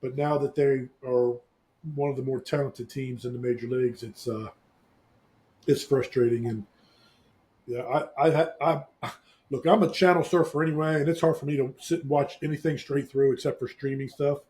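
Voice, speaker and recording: A man's voice: medium pitch, fairly even intonation, normal speed, a little mellow. A man co-hosting a casual chat podcast, rambling through stories and teasing his co-host.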